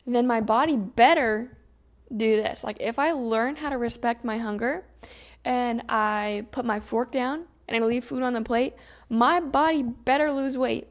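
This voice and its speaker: A young adult woman hosting a solo podcast, talking in a chatty, animated way and acting out her own inner thoughts. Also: on the high side, unhurried. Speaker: podcast host.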